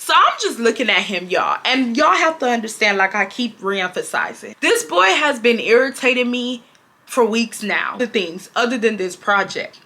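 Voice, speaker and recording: A woman's voice: fairly high pitch, moderate pace. A young woman, telling a casual personal story to her viewers and acting out her own lines. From Houston, Texas. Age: 20s. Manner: animated, acts out her own lines with swearing and laughs. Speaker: storytime vlogger.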